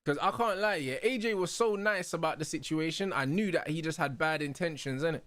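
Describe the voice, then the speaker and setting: A young man hosting a live football watch-along, talking excitedly in heavy slang and laughing loudly. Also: fairly high pitch, brisk, no echo. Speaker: host.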